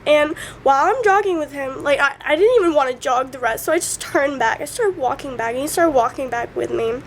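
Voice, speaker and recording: Tearful young woman, high voice. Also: brisk, few pauses, a little hiss or hum. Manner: tearful, breaking into sobs; many fillers like "like". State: crying. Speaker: vlogger. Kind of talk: emotional personal vlog.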